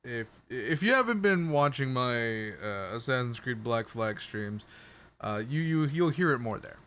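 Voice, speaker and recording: A man's voice: medium pitch, sing-song, unhurried, a bit bright. A man casually opening a tabletop game stream as game master, chatty, laughing and swearing a little. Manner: laid-back, laughing, swearing, chatty drawl.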